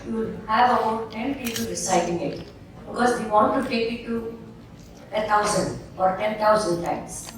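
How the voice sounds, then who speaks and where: A woman's voice: a little high, normal speed. A woman on a panel, adding an explanatory point to the discussion. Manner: explanatory, adding to the previous speaker. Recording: echoey hall, distant mic, noise.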